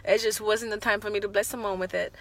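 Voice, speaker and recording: A young woman telling a story in a casual vlog, animated and exclamatory. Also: medium pitch, fast talker. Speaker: vlogger.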